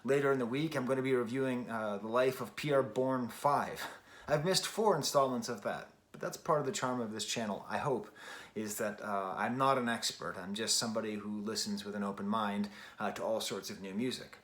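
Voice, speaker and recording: A man's voice: on the low side, moderate pace, a bit bright. A man giving a casual spoken record review, thinking aloud with many restarts and fillers. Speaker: music reviewer.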